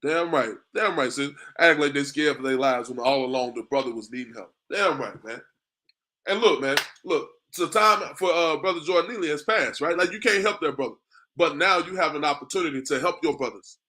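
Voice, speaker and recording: A man with a bright, forceful voice set a little high preaches in a loose street-corner style. He speaks, peppers his talk with "man," and slows into a measured cadence when quoting scripture. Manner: conversational, repeats "man" and "you know what I mean"; reads scripture in a slow, drawn-out cadence.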